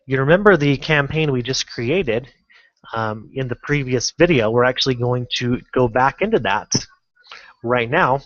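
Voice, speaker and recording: A man's voice: medium pitch, expressive, a bit bright, no room sound. Casual man with dull lo-fi audio. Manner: casual, halting, many fillers and restarts. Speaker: online marketing instructor. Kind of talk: screen-recorded tutorial walkthrough.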